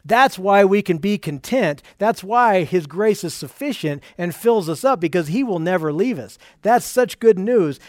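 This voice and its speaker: Man, high voice, earnest sermon delivery, dry close sound. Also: animated, normal speed, few pauses, dry recording. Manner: earnest, explains scripture with many restarts. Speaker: preacher.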